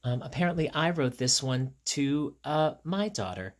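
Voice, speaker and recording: A man's voice: fairly high pitch, lively intonation, normal speed, hardly any pauses. A man, a school teacher, reading a picture book aloud to children and chatting with them as he goes. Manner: chatty, talks straight to young listeners; playful asides and counting along.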